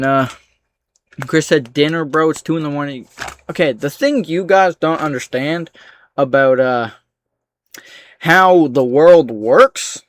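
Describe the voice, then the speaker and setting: A man livestreaming, reading out chat comments with dry, sarcastic replies and low-key asides.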